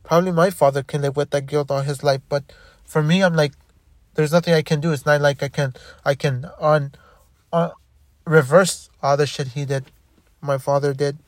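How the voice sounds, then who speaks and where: A man's voice: a little high, fairly even intonation, no echo. Rambling young man with a dry close sound. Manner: rambling, halting, many restarts and swearing. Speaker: podcast host. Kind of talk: solo monologue podcast.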